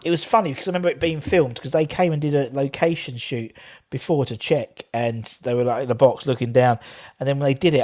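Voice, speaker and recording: A man's voice: medium pitch, a little mellow. A man hosting a casual football fan live stream, chatting and rambling while reading out viewer comments. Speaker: fan channel host.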